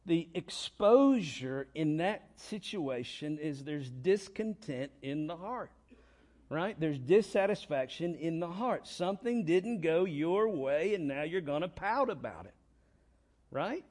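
A man's voice: fairly high pitch, animated, unhurried, darkish tone. Man preaching an emphatic sermon. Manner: repetitive, emphatic preaching with rhetorical questions. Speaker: pastor. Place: church.

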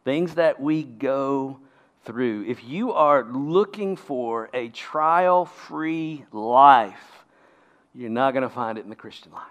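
A man's voice: mid-range voice, takes it slowly, a bit bright. A man preaching a sermon as a pastor, emphatic and often asking the congregation rhetorical questions.

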